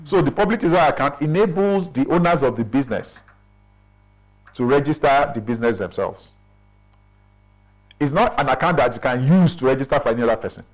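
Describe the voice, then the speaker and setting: A man's voice: mid-range voice, animated, fairly quick, long pauses, low-quality recording. A middle-aged man with a Nigerian accent, an official explaining procedures in a radio interview and often checking in with "right?". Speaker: official explaining business registration.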